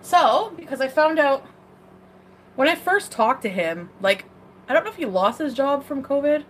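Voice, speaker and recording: A woman's voice: sits high, big pitch swings, normal speed, a little hiss or hum. A woman social media influencer chatting casually on a livestream, rambling with lots of fillers, trailing off and speaking bluntly with some swearing. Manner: blunt and profane. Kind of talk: casual livestream chat answering viewer questions.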